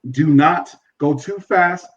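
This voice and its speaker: A man's voice: on the high side, slow, muffled recording. A man speaking earnestly as a podcast guest, repeating phrases for emphasis and acting out conversations.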